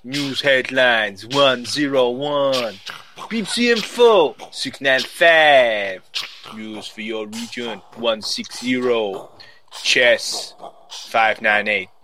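Man doing a playful mock-accent announcer rattling off page numbers in a bright sing-song. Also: mid-range voice, takes it slowly, a little hiss or hum. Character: jokey mock-accent man reading teletext listings.

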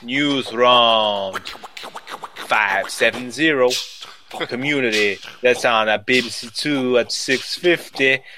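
A man's voice: medium pitch, takes it slowly, noisy background, natural voice. A man putting on a joking mock accent to read out teletext listings and page numbers in a sing-song way.

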